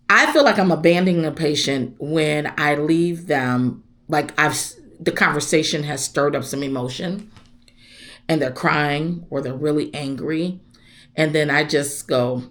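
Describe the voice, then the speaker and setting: A woman's voice: low voice, a bit bright. Woman chaplain, conversational direct-to-viewer teaching. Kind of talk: casual teaching vlog.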